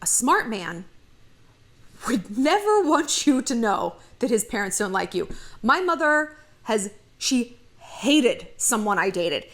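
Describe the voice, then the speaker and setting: A woman's voice: a little high, takes it slowly. A woman giving blunt relationship advice in a casual monologue, acting out bits of dialogue as she goes. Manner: animated, blunt, acts out dialogue.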